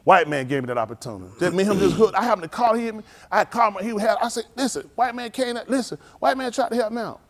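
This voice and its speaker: Animated high-voiced male preacher. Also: fast talker, few pauses. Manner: animated storytelling, acts out voices, laughs. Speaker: pastor. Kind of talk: informal sermon with street stories.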